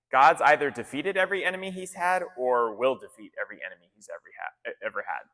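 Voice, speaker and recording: Male pastor, laid-back sermon, mid-pitched voice, echoey hall. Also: bright, forceful tone. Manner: conversational, casual slang, frequent restarts. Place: church gathering in an arts center.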